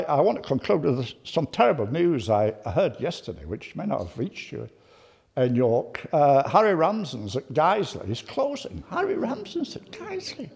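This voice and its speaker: An older man giving a humorous lecture, hesitant with many "uh"s and dry, deadpan humour. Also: a little high. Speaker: guest speaker.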